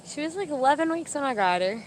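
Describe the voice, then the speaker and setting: A young pregnant woman speaks quickly and animatedly in a high-pitched voice, with slight background noise. As a vlogger with service dogs at an outdoor dog park, she chats casually to a live stream and commands her dogs, slightly winded in the heat.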